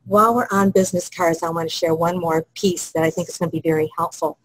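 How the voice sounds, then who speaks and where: A woman on a webinar panel explaining business etiquette in a measured, instructive way. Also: lowish voice, steady tone, dry recording, rough recording. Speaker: protocol expert panelist.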